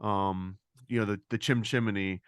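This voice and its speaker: Man, casual podcast co-host, animated delivery, dry close recording. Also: unhurried, smooth, no echo. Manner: animated, acts out quoted lines in a higher voice.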